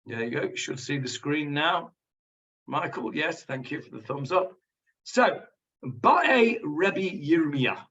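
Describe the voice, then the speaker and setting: Rabbi, bright and forceful voice, teaching online; sits back from the mic, audio dull. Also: male voice, fairly high pitch, unhurried, distant mic. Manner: chatty, explains Hebrew words to students. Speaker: rabbi teaching a Talmud class. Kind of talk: online Talmud lesson. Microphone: video call.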